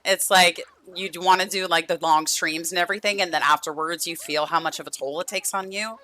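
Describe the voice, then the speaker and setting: A woman's voice: lowish voice, steady tone, fairly quick, pushed and bright. A young woman streaming a life-sim game, chatting affectionately with viewers and her characters, losing her voice. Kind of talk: casual gameplay stream chat.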